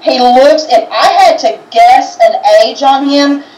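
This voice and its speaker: A woman with a somewhat high voice talks in a halting, hesitant way, often restarting her sentences. She sounds set back from the mic, and the room around her rings with echo. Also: a little mellow, far from the mic. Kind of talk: casual chat on a livestream. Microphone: video call.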